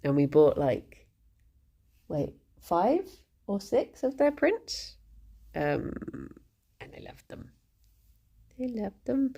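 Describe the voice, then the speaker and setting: A woman chats slowly and casually to her live stream from home, her voice carrying a gravelly, creaky edge. She rambles from thought to thought, laughing often and cooing at her pet. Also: medium pitch, sing-song, dark tone.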